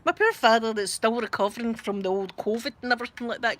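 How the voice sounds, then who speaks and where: Scottish woman, middle-aged, stream host, casual storytelling, laughs a lot, fairly high voice. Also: quick pace, hardly any pauses. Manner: animated, laughs often while telling a story. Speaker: livestream host.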